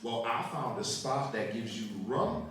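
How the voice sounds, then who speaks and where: A man's voice: medium pitch, expressive, a little slow, background noise, voice pushed down, lightly acted. A male comedian voicing his exasperated, complaining wife during a stand-up set. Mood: giddy. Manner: complaining, giddy when tipsy. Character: exasperated nagging adult wife. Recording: echoey theater, mic heard from far off.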